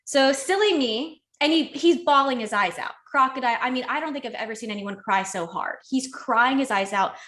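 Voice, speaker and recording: A woman's voice: fairly high pitch, a bit bright. Emotional woman telling a personal story. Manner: emotional, rushed, heavy use of "like". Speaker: podcast guest. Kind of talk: candid conversational storytelling.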